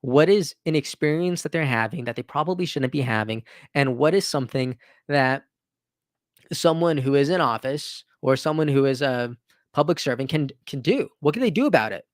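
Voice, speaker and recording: A man in his thirties chats casually on a live stream, taking viewer questions with earnest enthusiasm, restarting phrases and adding "right?" along the way. His voice sits a little high with lively intonation at a moderate pace, in a dry, studio-quality recording.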